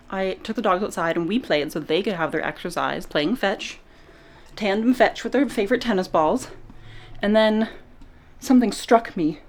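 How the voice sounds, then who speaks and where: A young woman talking straight to her camera in a chatty vlog, rambling from one thought to the next. She is a little out of breath after exercise and laughs easily as she goes. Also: on the low side. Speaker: vlogger.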